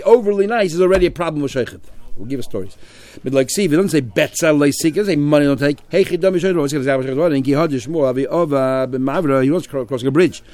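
A man teaching a Talmud class, quickly translating Aramaic phrase by phrase. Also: a little high, a little mellow, no echo.

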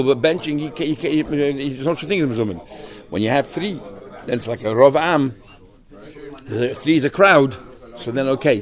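Man, Talmud teacher, quick pace, animated, Hebrew terms. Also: medium pitch. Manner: animated explaining, loose restarts, Hebrew and Yiddish terms. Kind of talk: Talmud class lecture.

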